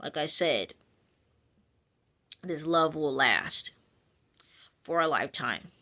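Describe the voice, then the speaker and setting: A woman's voice: deep voice, expressive, slow pace, sharp tone. A woman reading a casual prophetic message of encouragement, chatty and full of fillers, addressing her listeners directly. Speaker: spiritual message reader.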